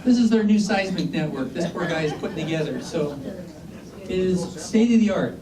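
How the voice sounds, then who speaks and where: Man, geology lecturer, joking and conversational, higher-pitched voice, distant mic in an echoey room with faint hiss. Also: expressive, moderate pace, a crowd in the background. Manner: chatty, joking, asks the audience questions. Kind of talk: informal lecture with anecdotes.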